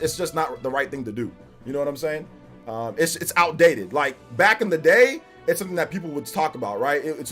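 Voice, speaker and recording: A man's voice: fairly high pitch, fairly bright tone. A man chatting casually on a live stream. He rambles and repeats himself, laughs often, and peppers his talk with slang like "bro" and "you know what I'm saying". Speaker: live streamer reacting to a game trailer.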